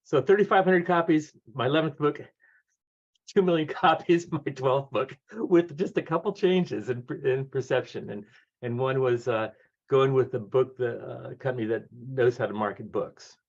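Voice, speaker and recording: A man in his sixties, a guest author telling lively stories, acting out the voices of people he quotes and laughing often. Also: mid-range voice, normal speed. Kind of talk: conversational storytelling. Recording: dull lo-fi audio.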